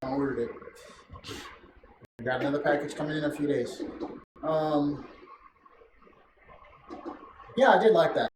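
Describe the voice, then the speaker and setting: A man hosting a casual podcast chat, talking excitedly and swearing freely, often acting out what others said. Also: a little high, moderate pace. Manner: profane, excitable, quotes people in voices. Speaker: podcast host. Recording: echoey room, distant mic, noisy.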